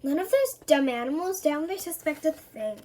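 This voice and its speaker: High-voiced woman reading a children's book. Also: moderate pace, heavy background noise. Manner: first-person storybook narration, expressive. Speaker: reader.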